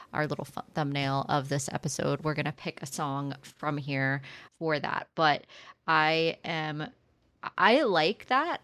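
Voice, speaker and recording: Woman host, lowish voice, dry close sound, chatty and enthusiastic. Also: fairly bright tone, dry recording. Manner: enthusiastic, chatty, with many fillers and asides. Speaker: podcast host. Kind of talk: casual book club chat.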